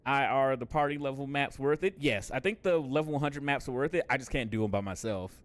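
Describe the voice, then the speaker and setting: A man's voice: mid-range voice, fairly quick. A man chatting casually on a game live stream, laid-back and jokey, swearing and laughing often.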